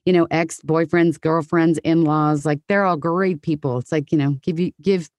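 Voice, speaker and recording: A middle-aged woman voice actor talking in a casual interview, animated and quick to break into voices. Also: sits low, no room sound. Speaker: guest voice actor.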